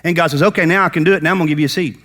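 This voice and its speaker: Bright, animated preacher man. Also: a little high, racing. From United States. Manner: animated preacher acting out Bible characters in folksy talk. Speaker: pastor. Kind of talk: sermon.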